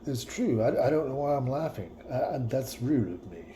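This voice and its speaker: A man's voice: medium pitch, expressive, normal speed, background noise. A man vlogging a reflective personal monologue, musing and repeating himself, with laughs at his own words.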